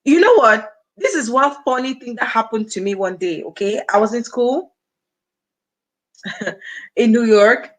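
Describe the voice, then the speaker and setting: Cameroonian woman, 30s, livestream host, chatty and direct with viewers, slightly high voice. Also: unhurried, long pauses, poor audio. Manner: chatty, addresses viewers directly and reads out comments. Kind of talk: casual livestream chat.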